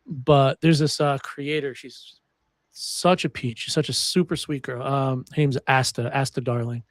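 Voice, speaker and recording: A young man hosting a podcast, chatting casually and telling animated stories with some swearing. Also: mid-range voice, unhurried, no echo. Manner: animated storyteller, swears freely. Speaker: podcast host. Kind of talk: casual chat.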